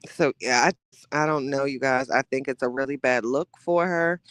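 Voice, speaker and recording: Chatty animated woman podcast host. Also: a bass voice, normal speed, smooth, no room sound. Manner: chatty, animated, exclamatory with laughter. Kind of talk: casual commentary.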